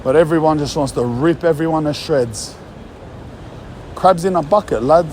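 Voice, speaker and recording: A man's voice: on the high side, normal speed, darkish tone, slight background noise. A young Australian man ranting casually in a blunt, heated, mocking way, swearing often. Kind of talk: casual rant.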